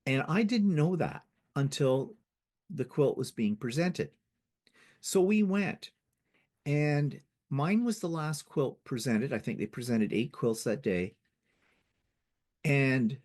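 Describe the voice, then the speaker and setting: A man's voice: medium pitch, lively intonation, slow, long pauses, a little mellow. A man giving a casual slideshow talk about his quilting to a guild, chatty and rambling, often restarting his sentences. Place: living in Ontario, Canada.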